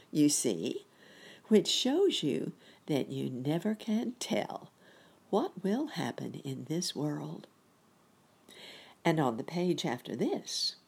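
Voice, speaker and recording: Low, husky woman reading a children's story. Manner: lively, expressive.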